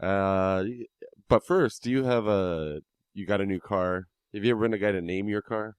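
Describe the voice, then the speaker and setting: A man's voice: on the low side, moderate pace, clean tone, dry recording, studio quality. A man co-hosting a podcast in casual chat, sarcastic and laughing often. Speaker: podcast co-host.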